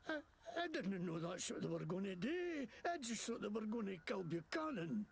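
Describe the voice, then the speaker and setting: A gravelly, foul-mouthed thug in a video game, whining and blustering in a put-on Scottish accent. His voice sits high and swings wildly up and down. Faint ambience hums behind him. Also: big pitch swings, heavily acted. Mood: defensive. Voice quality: gravelly, coarse and cursing. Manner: whiny, self-pitying, quick to bluster. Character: crude bitter male thug faking a Scottish accent.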